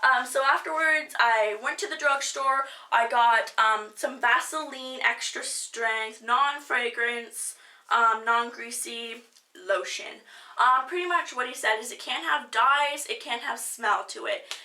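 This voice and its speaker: Young woman vlogger, high bright voice, chatty and animated, recorded in an echoey room off-mic. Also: takes it slowly, recorded from a distance. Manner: chatty, many "like"s, acts out her own reactions. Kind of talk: casual chat to camera.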